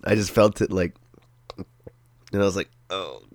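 A man's voice: lowish voice, little pitch movement, normal speed, darkish tone, no room sound, studio quality. A young man with the flu, chatting on a podcast in a laid-back way, swearing often and breaking into laughs. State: sick, with a flu. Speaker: podcast co-host. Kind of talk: casual chat.

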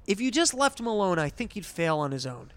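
A man's voice: sits high, very animated, fairly quick, fairly bright tone. A man hosting a podcast, ranting and swearing in casual chat. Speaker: podcast host.

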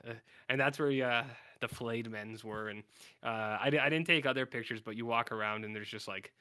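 A man's voice: mid-range voice, fairly quick, sharp tone, clean tone, no echo. A man from Canada co-hosting a podcast in casual, rambling chat, full of "like" and filler. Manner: rambling, filler-heavy, acts out silly voices. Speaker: podcast co-host.

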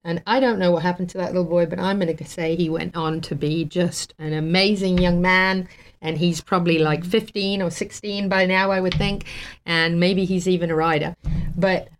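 Talk-show guest, woman, lower register, tells stories warmly with lots of fillers and laughter. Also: steady tone, normal speed. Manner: warm and emotional, laughs often, many fillers. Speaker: guest telling a story. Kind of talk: casual storytelling on a talk show.

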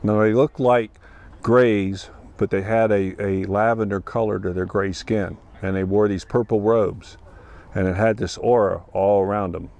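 A man's voice: fairly low pitch, steady tone, unhurried, creaky, a little mellow. A man earnestly telling a personal experience, acting out the dialogue as he goes. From Ohio. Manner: earnest, plain-spoken, acts out dialogue. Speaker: festival attendee sharing an experience. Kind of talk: personal storytelling.

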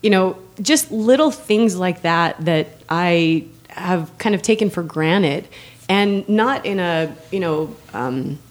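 Soft-spoken woman mentor, chatty storyteller. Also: on the low side, expressive, slow pace. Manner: warm storyteller, laughs often, many fillers. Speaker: guest, mentor with a girls' mentoring program. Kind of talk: casual interview conversation.

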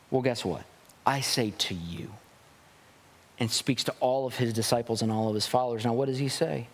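A man's voice: a little high, fairly bright tone, in a large hall. A man pastor giving a sermon, reading scripture and preaching with emphatic rises and drops.

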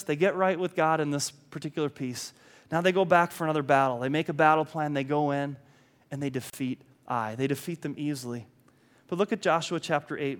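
A man preaching a sermon, earnest, acting out quoted speech and dropping to a soft voice for emphasis. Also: fairly high pitch. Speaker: pastor.

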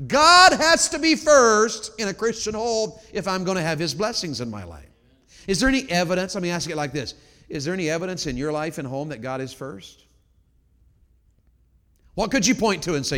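Male pastor, preaching with dynamic shifts, somewhat high voice, long reverb of a church hall. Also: very animated, moderate pace. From Tennessee. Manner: dynamic preaching, shifting from loud exhortation to quiet storytelling. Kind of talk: sermon.

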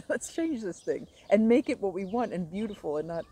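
Female guest, warm mellow tone, faint background noise, lively storyteller who laughs a lot. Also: medium pitch, normal speed, poor audio. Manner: laughs often, animated storytelling. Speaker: stand-up comedy teacher, guest. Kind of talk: casual conversation.

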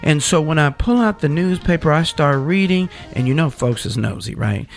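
Speaking at a moderate pace with a fairly high, animated voice and some vocal fry, a middle-aged man hosts a radio program over faint background music. He's playful and anecdotal, spinning stories and talking right to the people listening.

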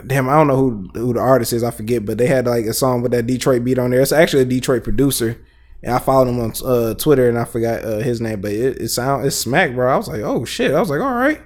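Podcast co-host, male, mid-pitched, animated and laughing, acts out quotes in casual banter. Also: fast. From Nebraska. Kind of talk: casual chat.

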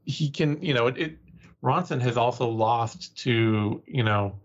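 A man's voice: medium pitch, a little slow. A man co-hosting a podcast, breaking down fighters and odds analytically, with lots of fillers. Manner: analytical, full of "you know" fillers. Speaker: podcast co-host. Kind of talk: casual fight-analysis chat. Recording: dull lo-fi sound.

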